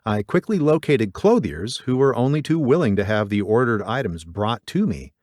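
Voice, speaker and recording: A man reading a story aloud as narrator, voicing the dialogue in a livelier, higher register and dropping low on speech tags. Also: darkish tone, no room sound, clean studio sound. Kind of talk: audiobook narration with character voices.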